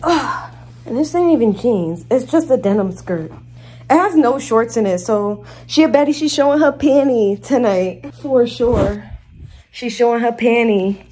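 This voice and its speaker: A high-pitched woman in her mid-twenties chatting as she gets ready at home. She talks brashly, swears freely and laughs often, in a loose get-ready-with-me vlog. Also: lively intonation, a little slow, warm tone, faint music behind. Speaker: vlogger. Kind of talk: casual get-ready-with-me chat.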